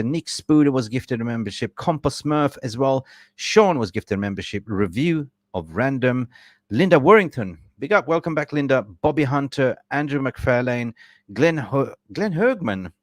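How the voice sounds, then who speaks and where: A man's voice: mid-range voice, no room sound, studio quality. A man hosting a live stream, talking in a casual, effusive and rambling way. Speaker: livestream host.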